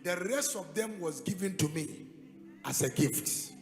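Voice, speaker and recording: A man with a Ghanaian accent preaching a sermon, telling a story dramatically and building to loud, emphatic peaks. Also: sits high, expressive, a little slow. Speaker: pastor. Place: church hall. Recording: echoey hall with music behind.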